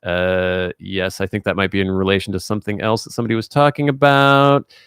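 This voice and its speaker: A man's voice: low-pitched, steady tone, fairly quick, a bit bright, smooth, dry recording, studio quality. A young man hosting a casual live stream, chatting as he reads out and answers viewer questions. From US Northwest.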